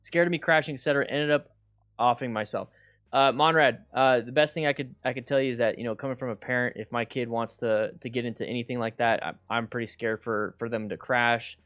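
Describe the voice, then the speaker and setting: A man's voice: medium pitch, fairly even intonation, a little fast, fairly bright tone. A middle-aged man hosting a casual live Q&A on a headset mic at home, reading viewer questions aloud and answering with lots of repeated words and restarts. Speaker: motorcycle coach and livestream host. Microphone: headset mic with noise gate.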